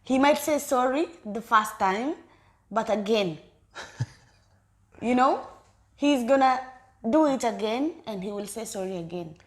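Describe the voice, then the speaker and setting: A woman's voice: on the high side, expressive, slow, pauses often. A woman co-hosting a relationship talk with her partner, speaking directly to viewers in a chatty, repetitive way. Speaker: co-host of a couple's channel. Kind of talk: casual chat.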